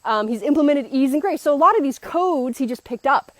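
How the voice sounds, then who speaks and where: A woman spiritual mentor talking in a casual vlog, telling stories in a lively way with many restarts and fillers while out on a walk. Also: high voice, a little fast, dry recording. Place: outdoors on a walk.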